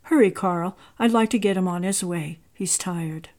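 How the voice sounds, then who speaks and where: A calm, patient voice of God, spoken by a woman storyteller, fatherly and quietly firm. The tone is mellow and soft, never raised. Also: fairly low pitch, normal speed, lightly acted. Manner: calm, even, gently firm.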